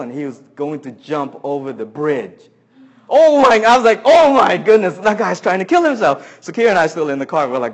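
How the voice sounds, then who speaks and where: During a sermon, a pastor shares a story from his own life, acting out what people said and laughing as he goes. He has a high voice.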